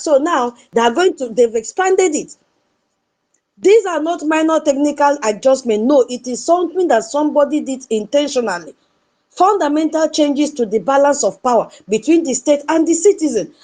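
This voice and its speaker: A woman's voice: high voice, a little mellow. A Nigerian woman giving an impassioned political commentary, repeating her points and asking her audience rhetorical questions.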